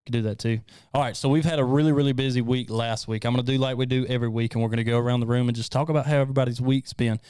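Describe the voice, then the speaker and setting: Guy hosting a podcast, joking and laughing, smooth clear voice, dry sound. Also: medium pitch, steady tone, racing, few pauses, darkish tone, dry recording. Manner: upbeat, joking, laughs often. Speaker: host. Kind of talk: casual podcast chat.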